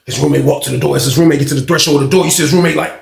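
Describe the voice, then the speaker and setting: A man's voice: a little high, very fast, vocal fry. A man telling a prison story in casual, slangy talk, acting out every scene. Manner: animated, slangy, acts out scenes. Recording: echoey room.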